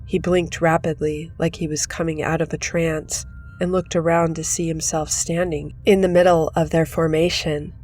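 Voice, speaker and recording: A woman reading a horror story aloud in measured, steady scripted narration. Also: deep voice, faint music behind.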